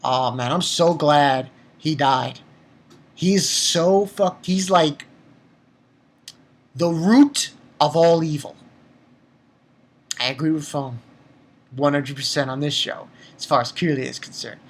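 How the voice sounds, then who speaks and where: A man talks through an anime episode in a loose, casual review. He speaks at a slow, drawn-out pace and gets worked up, swearing and tripping over his words as he restarts sentences. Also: fairly high pitch. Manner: emotional, profane, stammering restarts.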